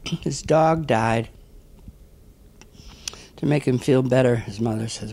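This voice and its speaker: A man telling a string of jokes in a casual way, laughing at his own punchlines and clearing his throat between them. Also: mid-range voice, slow pace, long pauses, a little mellow. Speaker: joke teller.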